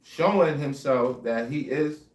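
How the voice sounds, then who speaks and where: A man reading scripture aloud in a slow, measured way. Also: medium pitch. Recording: echoey room with faint noise.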